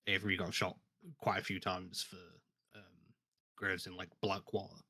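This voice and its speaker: Deep, bright-toned man talking haltingly. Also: flat delivery. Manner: measured, halting, stumbles on starts. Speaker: podcast guest. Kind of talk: casual chat.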